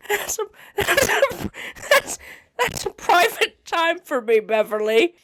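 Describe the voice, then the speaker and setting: A man's voice: very high voice, big pitch swings, takes it slowly, noisy background, exaggerated voice. A man voicing a dramatic, easily flustered old woman in an improvised comedy role-play. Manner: melodramatic, wailing, sobbing outbursts.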